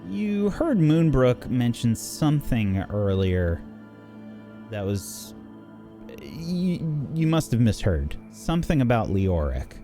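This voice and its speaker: A man narrating as the game master of a tabletop game, in halting, measured narration. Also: medium pitch, very animated, dark tone, soft background music.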